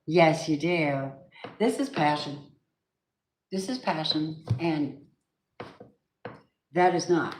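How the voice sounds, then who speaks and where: A woman's voice: low-pitched, slow pace, long pauses, a little mellow. A woman giving a casual, emphatic tarot reading, talking straight to her viewers. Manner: chatty, emphatic, sings snatches of songs. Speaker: tarot reader. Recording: echoey room with faint noise.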